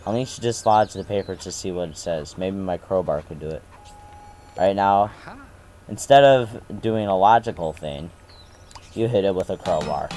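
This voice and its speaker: Deep, mellow-voiced dry game commentator. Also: male voice, normal speed, a little hiss or hum. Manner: dry, sarcastic asides. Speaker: let's play commentator.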